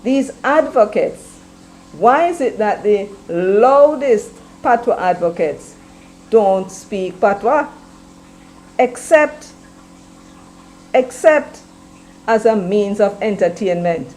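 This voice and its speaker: A woman's voice: mid-range voice, slow, a little mellow, rough recording. A woman with a Jamaican accent hosting an opinionated commentary stream, emphatic and mixing patois into her English. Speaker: commentary show host.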